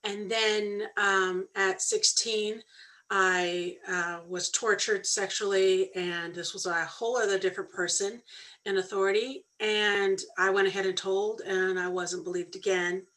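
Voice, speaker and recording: A woman's voice: mid-range voice, measured pace, rough recording. Earnest woman telling a personal story. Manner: earnest, animated when quoting others. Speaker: podcast co-host sharing her story.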